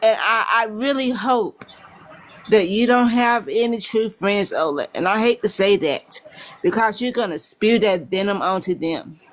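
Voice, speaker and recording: A woman's voice: medium pitch, unhurried. Confrontational woman stammering through a rebuke. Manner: confrontational, stammers while speaking. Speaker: live panel speaker. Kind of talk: heated live-stream debate.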